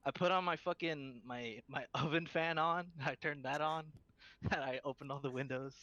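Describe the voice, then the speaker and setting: A man in casual chat, talking in a halting, hesitant way. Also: on the high side, bright, forceful tone, dry recording, muffled recording. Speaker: podcast co-host.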